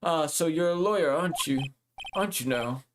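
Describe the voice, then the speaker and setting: A man's voice: a little high, brisk, a little hiss or hum, close to an everyday voice. A man voicing a pompous older male lawyer who talks down to the young man he speaks to. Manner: self-important, talks down, calls others boy and son.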